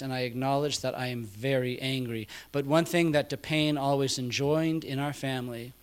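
A man preaching a sermon, quoting others quietly and building to loud, emphatic peaks. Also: mid-range voice. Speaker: pastor.

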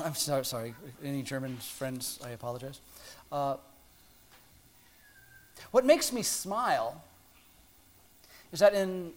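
A middle-aged man preaching a sermon in a conversational, playful way, with frequent ums and restarts. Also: a little high.

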